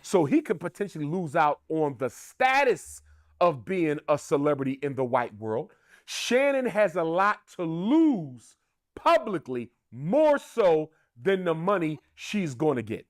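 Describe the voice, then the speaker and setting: Male commentator, high and very lively voice, emphatic and rhetorical, opinionated delivery. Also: unhurried, dry recording, studio quality. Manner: emphatic and rhetorical, repeats points for effect.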